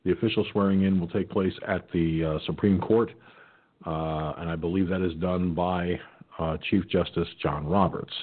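A man's voice: sits low, steady tone, normal speed. A man hosting a political talk radio show, rambling with many fillers and restarts, who says he has not eaten and may sound like his mouth is full. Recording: tinny phone-like line.

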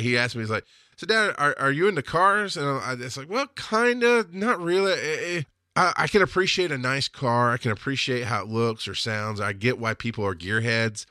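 A man's voice: lowish voice, pushed and bright, dry recording, clean studio sound. A man in his thirties or forties hosting a casual solo podcast, telling rambling stories and acting out the people he quotes. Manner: rambling storyteller who acts out quoted voices. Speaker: podcast host.

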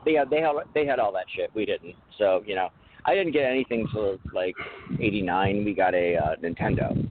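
A man's voice: on the low side, expressive, fairly quick. A man co-hosting a podcast, telling rambling, profane stories in casual chat. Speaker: podcast co-host. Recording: tinny phone-like audio with faint noise.

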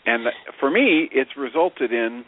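A man's voice: medium pitch, lively intonation, measured pace. A man co-hosting a radio show, explaining his ideas in a reflective, casual way. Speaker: radio co-host. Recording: tinny phone-line radio audio.

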